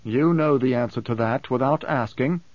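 A man reading an audiobook, voicing a composed, wry man who speaks in a measured, deliberate way. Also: medium pitch, dry recording, dull audio, close to an everyday voice. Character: calm, cool-headed man, dryly amused.

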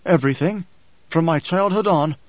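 A man's voice: a little high, normal speed, dry recording, muffled recording, close to an everyday voice. A man voicing a loyal male warrior speaking with suppressed rage. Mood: tense. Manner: clipped, suppressed fury.

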